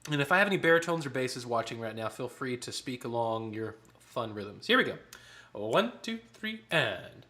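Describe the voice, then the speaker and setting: Leading a choir rehearsal online, a man explains the tenor parts and counts off rhythms while a piano sits nearby. His medium-pitched voice is very animated and sharp, moving at normal speed. As the choir director, he teaches by counting and singing the parts aloud.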